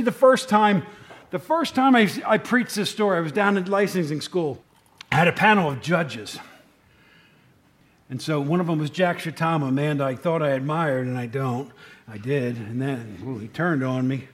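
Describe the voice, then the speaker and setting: A man pastor preaching a conversational sermon, telling stories, acting out quoted voices and rising to urgent exhortation. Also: high-pitched.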